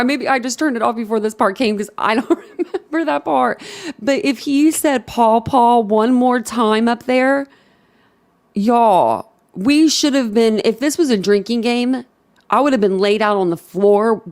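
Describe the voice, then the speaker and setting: Animated woman hosting a livestream. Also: fairly high pitch, vocal fry. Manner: laughing, animated, emphatic repetition. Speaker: host. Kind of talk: casual livestream chat.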